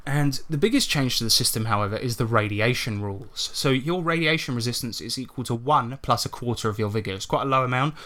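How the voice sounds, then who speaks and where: A man's voice: mid-range voice, animated, fast talker, hardly any pauses, bright, forceful tone. A man co-hosting a podcast in a casual chat, explaining tabletop game rules step by step and swearing freely.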